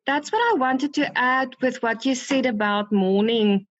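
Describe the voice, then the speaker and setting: A woman, a guest on a podcast, talking emotionally and warmly and often restarting her sentences. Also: a little high, measured pace, no echo, lo-fi sound. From South Africa. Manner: emotional, warm, with many restarts.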